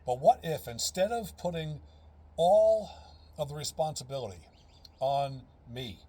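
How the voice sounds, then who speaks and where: A man with a husky, slightly rough voice talks straight to camera in a casual instructional vlog. He explains earnestly and patiently, repeating his key phrases as he builds each point one step at a time. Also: fairly high pitch, expressive, a little slow, dark tone. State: out of breath. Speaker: fitness and breathing instructor.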